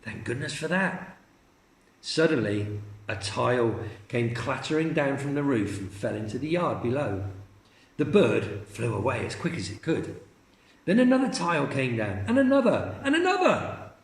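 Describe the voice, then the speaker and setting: A man teacher reading a children's story aloud in a slow, expressive storytelling manner. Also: medium pitch, reverberant.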